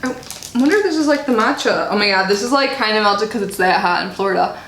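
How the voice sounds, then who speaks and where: A woman's voice: medium pitch, expressive, quick pace, fairly bright tone. A woman casually chatting in an unboxing vlog, reading snack labels aloud and talking while she chews. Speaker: subscription box reviewer. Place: home in Florida. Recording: echoey room with faint noise.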